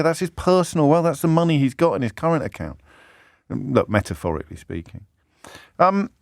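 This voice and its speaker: A man hosting a talk radio phone-in, speaking in an animated, indignant way and firing off rhetorical questions. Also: medium pitch, no echo, studio quality. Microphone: studio microphone.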